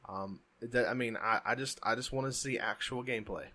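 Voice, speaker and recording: A man's voice: medium pitch, brisk, sharp tone. A man co-hosting a podcast in casual chat, talking emphatically and ranting with strong opinions. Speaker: podcast co-host.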